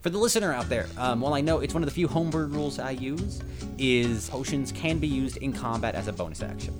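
A man acting as game master of a tabletop game, explaining rules and narrating with many restarts and fillers. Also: mid-range voice. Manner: rambling, full of fillers and restarts.

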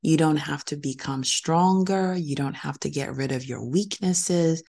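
A woman's voice: low voice, measured pace, gravelly, dark tone. A middle-aged woman hosting a podcast, talking earnestly and encouragingly and repeating her key phrases. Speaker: podcast host. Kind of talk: motivational podcast monologue.

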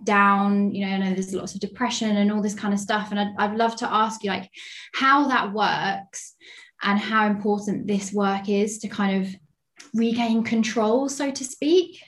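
A woman's voice: medium pitch, steady tone, a little slow, a bit bright. Hesitant woman podcast host. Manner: hesitant, full of fillers and self-corrections. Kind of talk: interview questions.

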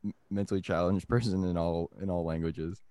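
A man's voice: low-pitched, little pitch movement, brisk, dark tone, clear, resonant tone, no room sound. A man co-hosting a podcast in casual comedic chat, rambling and joking with mumbled asides. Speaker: podcast co-host.

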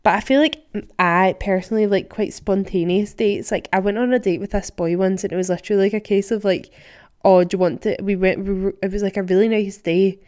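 A woman's voice: medium pitch, fairly even intonation, a little fast, a little mellow. A young Scottish woman in her twenties hosting a solo podcast, telling a personal story in a chatty, confiding way with plenty of "like" fillers. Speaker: podcast host.

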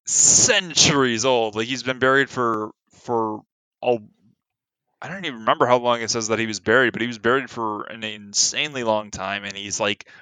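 Enthusiastic man with a bright, crisp voice. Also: medium pitch, moderate pace, dry recording. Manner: enthusiastic, laughs often while talking. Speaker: podcast co-host. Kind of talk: casual movie review chat.

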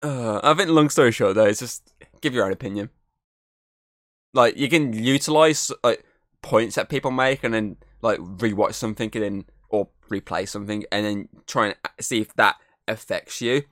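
A man's voice: lowish voice, moderate pace, fairly bright tone, no echo, clean studio sound. A man hosting a casual podcast chat, rambling on, swearing often and laughing easily. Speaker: podcast host. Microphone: headset.

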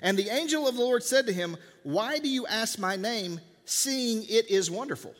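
Male pastor, high voice, conversational sermon, acts out scripture dialogue, church hall echo. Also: animated, moderate pace, a bit bright. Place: church sanctuary.

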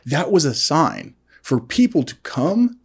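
Gravelly-voiced man telling a funny story. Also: unhurried. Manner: animated, laughing, jumps to high-pitched acted quotes. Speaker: podcast co-host. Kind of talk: casual storytelling chat.

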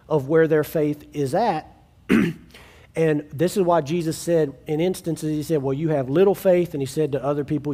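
A man's voice: fairly high pitch, warm tone. A man who is a pastor, preaching a sermon in an earnest, conversational way, with restarts, and acting out quoted family dialogue.

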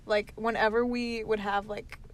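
Tired young woman co-host, mid-pitched voice, easygoing, faint hiss behind. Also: level tone, normal speed. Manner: laid-back, laughing often. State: tired, yawning. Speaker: podcast co-host. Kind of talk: casual chat. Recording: faint background noise.

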